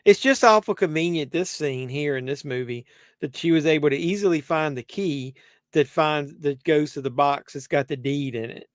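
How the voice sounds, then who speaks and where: Brief: male streamer, slightly high voice, casual rambling commentary, dry close sound. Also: normal speed, dry recording. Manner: rambling, conversational, many fillers and restarts. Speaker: host. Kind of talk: casual live watch-along commentary.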